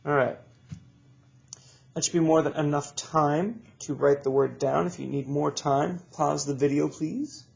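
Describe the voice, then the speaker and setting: A male teacher with a stuffy nose walks young students through a video lesson, patient and encouraging, saying each step twice. His voice sits a little high and has a gravelly edge. The recording is dull and lo-fi. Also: steady tone, unhurried, a little mellow. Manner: patient, encouraging, repeats instructions.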